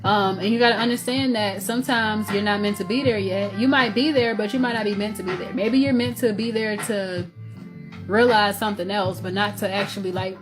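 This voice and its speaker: A woman's voice: medium pitch, steady tone, brisk. A woman with a Southern US accent giving a loose, conversational tarot reading, full of fillers and restarts. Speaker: tarot reader. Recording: music playing under voice.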